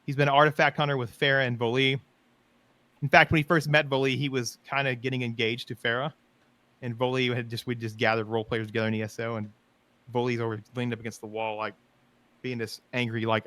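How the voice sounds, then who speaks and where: Bright-voiced man telling rambling stories. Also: medium pitch, flat delivery, quick pace, dry recording. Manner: rambling, enthusiastic storytelling. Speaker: podcast co-host. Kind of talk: casual chat about roleplay.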